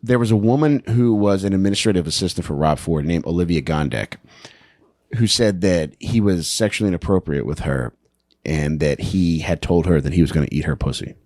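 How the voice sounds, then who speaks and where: A man's voice: sits low, fairly quick, a little mellow, no echo, studio quality. A man casually telling a story on a podcast, laid-back, swearing and saying "dude" a lot.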